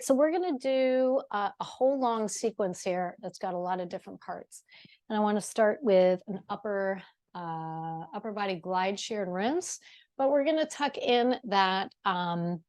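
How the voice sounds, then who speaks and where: A woman leading a movement exercise class, chatty and encouraging, a little out of breath. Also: mid-range voice. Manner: chatty and encouraging, with self-deprecating asides. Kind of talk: guided exercise class instruction.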